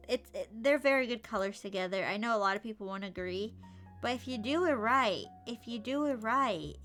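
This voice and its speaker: A young woman streaming a game, chatting playfully and gushing over cute outfits, sometimes dropping to soft whispers. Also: a little high. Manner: slips into soft whispers and mutters. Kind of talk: casual gameplay commentary. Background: game music.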